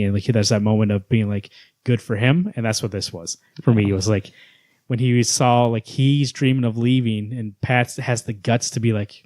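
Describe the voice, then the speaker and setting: Lower-voiced man chatting about comics. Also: steady tone, moderate pace, a little mellow, no echo, studio quality. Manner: enthusiastic, retells scenes with quoted lines. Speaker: podcast co-host. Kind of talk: casual comic book chat.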